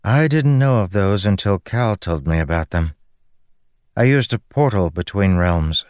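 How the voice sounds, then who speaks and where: Man doing a calm, guarded woman warrior. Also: deep voice, measured pace, clear, resonant tone, no room sound. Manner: calm, dry, understated.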